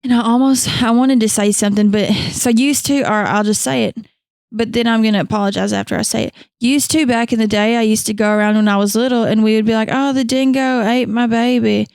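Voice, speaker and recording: A woman's voice: a little high, fairly even intonation, fast talker, darkish tone, no echo, clean studio sound. A woman co-hosting a podcast in casual chat, swearing freely and laughing often. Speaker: podcast co-host.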